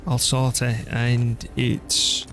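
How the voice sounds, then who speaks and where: A man's voice: medium pitch, completely flat delivery, extremely slow, a bit bright. Chatty male game streamer, faint music. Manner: chatty, thinks aloud, laughs easily. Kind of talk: casual gameplay commentary.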